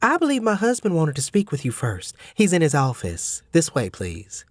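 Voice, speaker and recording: A man's voice: a little high, wildly swooping pitch, moderate pace, no room sound, studio quality, voice pushed up. A man voicing a gracious middle-aged mother who speaks politely, like a hostess, in an audiobook.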